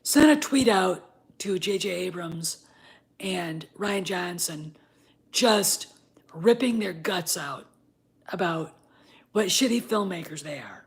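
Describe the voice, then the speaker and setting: A woman in her fifties ranting in a casual vlog. She swears a lot and swings from low muttering to loud, heated outbursts, with wine in hand. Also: expressive, slow pace, pauses often. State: drinking wine. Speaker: vlogger.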